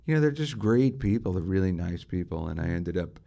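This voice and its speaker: A man's voice: sits low, animated, brisk, vocal fry, dark tone. A middle-aged man, a guitarist and music writer, telling enthusiastic anecdotes as an interview guest and asking rhetorical questions. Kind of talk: storytelling in a conversational interview.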